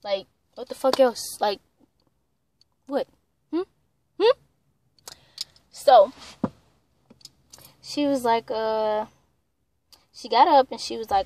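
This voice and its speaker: A woman's voice: a little high, slow pace, long pauses, darkish tone, slight background noise. A young woman tells a heated, profane story in a casual vlog, full of "like". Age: young adult. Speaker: vlogger.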